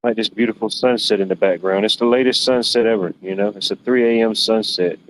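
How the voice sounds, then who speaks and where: Fairly quick and fairly even in intonation, a man on the low side hosts a livestream over slight background noise and dull lo-fi stream audio. He rambles casually, telling laid-back stories packed with fillers.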